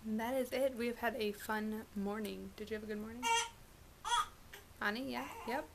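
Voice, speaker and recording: A woman's voice: fairly high pitch, fairly even intonation, moderate pace, gravelly, noisy background. A young woman, a mom, chatting casually to her camera at home, rambling with fillers. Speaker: vlogger, mom. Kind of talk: casual vlog chat. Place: family home, indoors.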